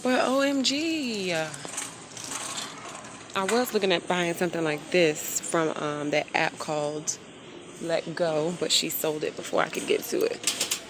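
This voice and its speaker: A woman chatting casually and excitedly to her phone camera as she browses a large home decor store. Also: sits low, normal speed, background noise. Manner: chatty, excitable, thinks aloud. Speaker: vlogger. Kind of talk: casual shopping vlog. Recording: store background music. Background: store music playing.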